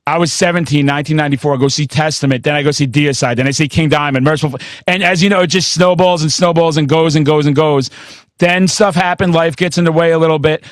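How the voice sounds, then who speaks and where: A man in his forties hosting a casual metal chat, loud and intense, telling excitable stories with plenty of swearing. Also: fairly high pitch, fast, no room sound, studio quality. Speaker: podcast host.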